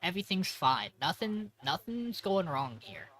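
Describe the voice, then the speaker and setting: A man's voice: sits high, big pitch swings, unhurried, pushed and bright. A man co-hosting a podcast, recapping an episode in a rambling, profane way that keeps correcting itself. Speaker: podcast co-host.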